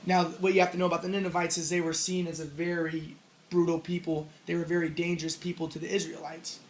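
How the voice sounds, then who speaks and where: A man's voice: on the high side, flat delivery, fast talker, a little hiss or hum, low-quality recording. A man giving a casual spoken lecture on religion, rambling as he explains and acting out the lines he quotes.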